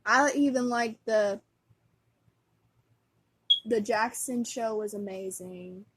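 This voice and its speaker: A woman's voice: fairly high pitch, slow pace, noisy background. A woman vlogger chatting casually as a fan, giggly and rambling, with lots of fillers.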